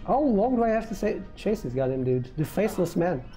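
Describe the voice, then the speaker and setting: A man's voice: sits high, very animated, fairly quick, dark tone. A man giving casual, profane commentary while playing a video game and reacting to it. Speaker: gameplay commentator. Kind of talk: casual let's-play commentary. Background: game music.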